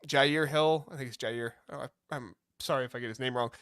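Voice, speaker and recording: A man's voice: mid-range voice, a little fast, clear, resonant tone, no room sound, clean studio sound. A man co-hosting a sports podcast, talking casually and thinking aloud with fillers. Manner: animated, reasoning aloud with fillers. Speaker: podcast co-host.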